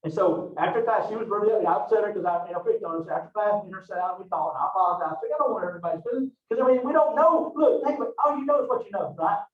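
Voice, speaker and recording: A middle-aged man lectures on anatomy, wandering into chatty stories and asides. His voice sits fairly high for a man. It was picked up from across an echoey classroom, and the recording sounds dull and lo-fi. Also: racing, hardly any pauses, far from the mic. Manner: folksy, rambling storyteller with asides. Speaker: college anatomy instructor.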